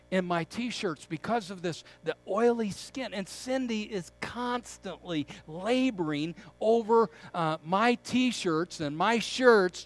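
Male pastor, middle-aged, unhurried emphatic sermon delivery, high-pitched. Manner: earnest preaching with emphatic repetitions.

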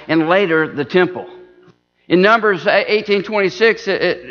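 A man's voice: sits high, fairly bright tone. A man preaching an earnest sermon, repeating words and restarting phrases as he goes. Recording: dull lo-fi recording in a reverberant church hall.

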